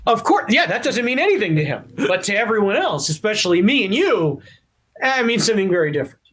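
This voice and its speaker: A man with a high voice tells a story on a podcast as a guest. He is animated and talkative. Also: quick pace. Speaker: actor guest. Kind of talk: podcast interview anecdote.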